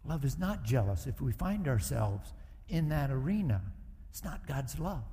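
A man's voice: medium pitch, big pitch swings, a little slow, dark tone, big-room sound. A middle-aged male pastor preaching a sermon in a conversational way, with acted asides. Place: church sanctuary.

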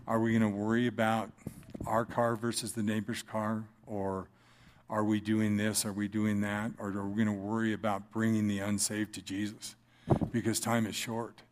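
A man's voice: on the low side, slight background noise. Earnest man giving church testimony. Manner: earnest and conversational with dry humor. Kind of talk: personal testimony to a congregation. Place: church, speaking from the front.

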